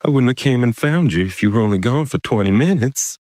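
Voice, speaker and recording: A man's voice: medium pitch, expressive, brisk, darkish tone, no room sound, clean studio sound, voice pushed up, close to an everyday voice. A man voicing a panicked young man who thinks his father abandoned him, pleading frantically.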